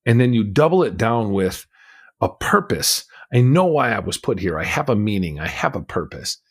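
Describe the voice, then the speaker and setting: A man's voice: fairly low pitch, big pitch swings, moderate pace, husky. A man on a podcast, telling his personal story in a candid, emphatic way. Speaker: podcast guest.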